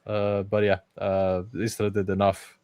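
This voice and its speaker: A man hosting a casual football podcast, his voice sitting on the low side. He talks in an animated way and often restarts his sentences. The recording is dry and close. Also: unhurried, smooth, no room sound. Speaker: podcast host.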